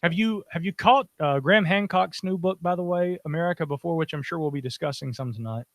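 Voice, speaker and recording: A chatty man, hosting a laid-back podcast and spinning jokes and yarns full of "you know"s. His voice sits a touch high for a man, and the sound is dry and close to the mic. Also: quick pace, a bit bright, dry recording. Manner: jokey, storytelling with many fillers. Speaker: podcast host. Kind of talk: casual chat.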